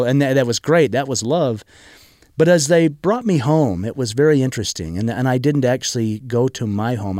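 A man's voice: medium pitch, darkish tone, no echo, clean studio sound. Earnest man telling a personal story. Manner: earnest, emotional, halting with repeated restarts. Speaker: interview guest.

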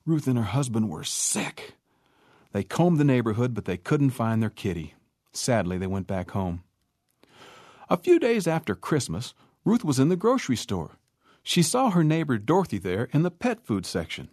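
A man telling a folksy story, animated, acting out the people and animals in it. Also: mid-range voice, moderate pace, dry recording, clean studio sound. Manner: animated, acts out characters.

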